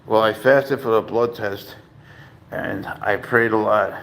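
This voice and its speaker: A man chatting casually to viewers at home as a cat-owning vlogger, rambling and profane with sudden loud exclamations. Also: lowish voice, steady tone, slow pace, vocal fry, slight background noise.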